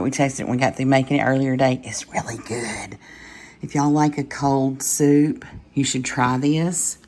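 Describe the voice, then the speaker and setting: This is a middle-aged woman with a Texan accent and a deep, low voice. She rambles along in a casual, chatty way and talks straight to her viewers as if they were friends. It sounds like an easygoing home vlog. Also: darkish tone. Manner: chatty, keeps addressing viewers as y'all. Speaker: vlogger.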